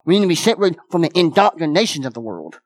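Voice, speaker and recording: A man's voice: fairly high pitch, big pitch swings, racing. A man preaching a sermon as pastor, folksy and repetitive, with many restarts.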